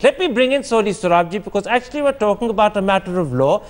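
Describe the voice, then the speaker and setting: A man's voice: high voice, expressive, fast talker. A man hosting a TV debate, pressing his guests with pointed, insistent questions. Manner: insistent, cross-examining. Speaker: host.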